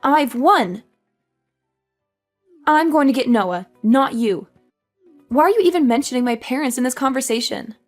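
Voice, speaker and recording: A woman's voice: sits high, animated, measured pace, pauses often, faint music behind. A woman voicing a spoiled, entitled sister-in-law who taunts with mocking laughs, in a dramatized story. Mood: indignant. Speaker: voice actor.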